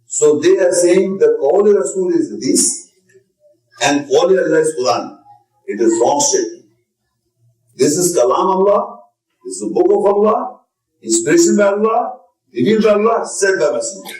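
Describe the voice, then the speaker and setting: A man's voice: sits high, expressive, normal speed, long pauses, darkish tone. A man giving a lecture and answering audience questions, talking in an insistent, repetitive and emphatic way. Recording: echoey room, voice from far off.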